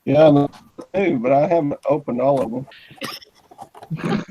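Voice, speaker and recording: A man chatting on a video call, rambling through a list of items with pauses. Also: on the high side, mellow, muffled recording, a little hiss or hum. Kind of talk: casual chat. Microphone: computer mic on a video call.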